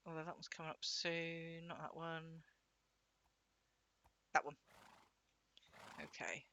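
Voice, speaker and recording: A woman's voice: deep voice, little pitch movement, takes it slowly, sharp tone, no echo. A young woman chatting casually while gaming, rambling and acting out quoted voices as she tells a story. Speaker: gaming co-host.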